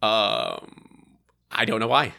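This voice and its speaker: A man co-hosting a podcast, chatting casually about a film in a rambling, animated way and laughing often. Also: lowish voice, takes it slowly, gravelly. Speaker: podcast co-host. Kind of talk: casual movie review chat.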